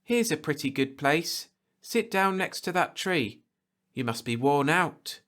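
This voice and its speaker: Bold and proud, this young frontier woman scolds and lectures with a sharp, indignant edge, as a man reading the story puts her on. Her voice sits well above the reader's own and leaps around as she gets fired up. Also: fairly high pitch, very animated, measured pace, pitched above the performer's own voice. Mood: brisk, practical.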